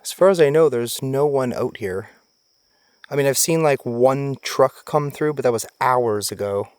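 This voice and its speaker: A young man vlogging while camping alone in a forest at night, jumpy and nervous, swearing and calling out into the dark. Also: mid-range voice, moderate pace, smooth, dry recording, studio quality. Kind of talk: casual vlog commentary.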